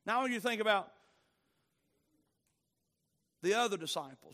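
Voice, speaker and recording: A man's voice: high voice, animated, racing, gravelly, few pauses, a bit bright. A man reading scripture and then preaching a sermon, building his points with surging emphasis and sudden swells in volume.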